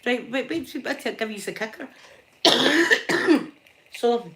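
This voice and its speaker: A middle-aged woman with a Scottish accent telling a story casually in a chatty, repetitive, animated way. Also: a little high, normal speed. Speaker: vlogger.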